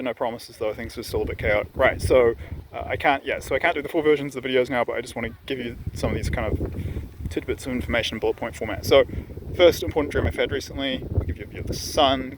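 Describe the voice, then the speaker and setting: Guy rambling on a windy hilltop, loud wind hitting the camera mic. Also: medium pitch. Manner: rambling, many restarts and asides. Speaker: vlogger sharing dreams. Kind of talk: casual outdoor vlog monologue. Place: outdoors on a windy hillside.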